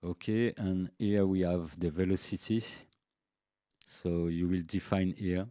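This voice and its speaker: A man explaining music software features in a live-streamed tutorial, unhurried and checking in with "okay" as he goes. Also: low-pitched, fairly even intonation, clean tone. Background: faint drum machine beats.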